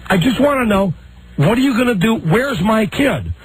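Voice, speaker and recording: A man's voice: sits high, big pitch swings, normal speed, husky, no echo, rough recording. A man hosting a talk radio show, telling an exasperated story and acting out the people in it.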